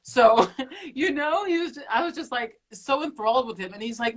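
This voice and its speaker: A middle-aged woman, a keto coach and podcast guest, telling her story in an animated way, laughing often and acting out quotes. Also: a little high, a little fast. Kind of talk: casual interview chat.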